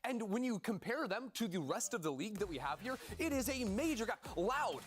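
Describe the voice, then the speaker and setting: A man on an esports analyst desk, measured and stat-driven in casual chat. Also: high voice, very animated.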